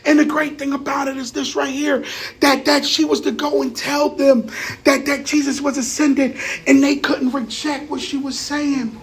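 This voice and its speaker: A man preaching a lively, conversational Easter sermon, often repeating words as he builds his points. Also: extremely high pitch, normal speed.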